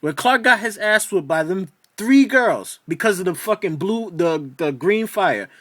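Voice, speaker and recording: A man reviews a TV episode in an exasperated, profane ramble full of restarts. His voice sits high and leaps around with animated swings. The sound is dry and close. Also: measured pace, no room sound. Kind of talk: casual video review rant.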